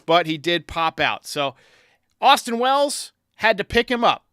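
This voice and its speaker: A man hosting a sports podcast, giving an excitable casual game recap and talking straight to his viewers. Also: sits high, measured pace, clean tone, dry recording. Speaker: podcast host.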